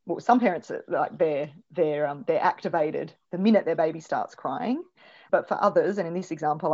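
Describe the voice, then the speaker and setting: A woman's voice: fairly low pitch, darkish tone. A woman speaking as a parenting specialist guest in a podcast interview, thoughtful and full of restarts. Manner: thoughtful, many restarts and fillers. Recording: dull lo-fi recording.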